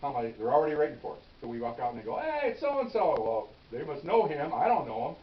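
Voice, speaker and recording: A man's voice: mid-range voice, expressive, rapid-fire. An older man, a retired police officer, casually telling a story from his career and acting out the dialogue with frequent asides. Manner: conversational, acts out dialogue, frequent "okay?" asides. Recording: roomy, distant, dull lo-fi sound with faint hiss.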